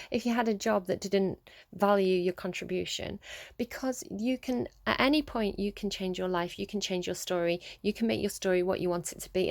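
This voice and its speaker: A woman's voice: mid-range voice, a little mellow, dry recording. Lady doing a tarot reading, earnest, repeats herself a lot, dry close sound. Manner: earnest, rambling, repeats phrases for emphasis. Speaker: tarot reader. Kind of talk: tarot card reading to camera.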